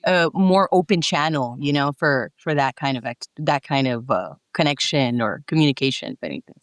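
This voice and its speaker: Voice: mid-range voice, lively intonation, moderate pace, no echo, clean studio sound. A podcast guest talking casually with lots of fillers. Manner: chatty, many fillers like you know.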